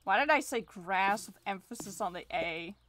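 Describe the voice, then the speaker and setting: A woman's voice: mid-range voice, animated, moderate pace, noisy background. A woman streaming a farming game, rambling in casual commentary, mocking herself and swearing freely.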